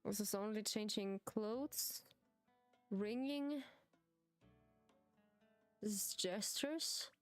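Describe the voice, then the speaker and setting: A woman with a German accent streaming a video game, chatting casually in halting non-native English, giggling often. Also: medium pitch, faint music behind. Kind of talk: casual gaming stream chat.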